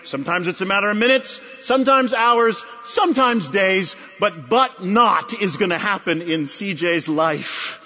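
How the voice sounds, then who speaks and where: Emphatic male preacher, bright tone, dull recording in a big hall. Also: high-pitched, unhurried, few pauses. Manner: emphatic, repeating phrases for effect. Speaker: pastor. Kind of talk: sermon. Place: large conference hall.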